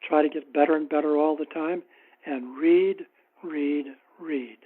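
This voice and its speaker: Male author guest with a slightly high voice, wry and anecdotal, on a tinny phone-like line. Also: steady tone, measured pace. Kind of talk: casual interview storytelling.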